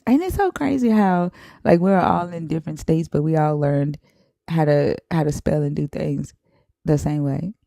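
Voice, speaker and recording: A woman's voice: deep voice, moderate pace, creaky, warm tone, no echo, clean studio sound. Laid-back Southern woman streamer. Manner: chatty, laughs often, drawls at times. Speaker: live stream host. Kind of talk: casual live stream chat.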